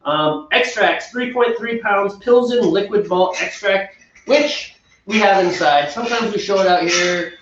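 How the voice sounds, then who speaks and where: Middle-aged male brewer, chatty and rambling, pitched a touch high, recorded far off with a dull sound. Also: measured pace, fairly bright tone. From United States. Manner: chatty, rambling, laughs often. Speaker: homebrew show co-host. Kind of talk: casual chat. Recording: echoey room, mic far off, dull.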